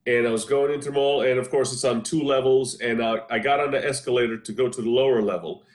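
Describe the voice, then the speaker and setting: A man in his forties hosting a casual chat over a video call, an animated storyteller who laughs often. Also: medium pitch, fast. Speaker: podcast host. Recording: roomy echo.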